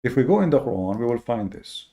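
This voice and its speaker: A man hosting a lecture-style monologue, speaking with slow, deliberate emphasis, often repeating words and adding fillers. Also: medium pitch, big pitch swings, warm tone. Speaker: host.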